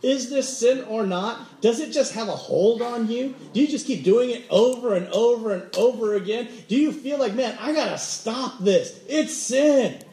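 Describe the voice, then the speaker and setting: A man with a bright, high voice preaches a sermon in a roomy, echoing church hall. He tells stories with lively energy and acts out everyday conversations. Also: moderate pace, few pauses. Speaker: pastor. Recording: roomy echo.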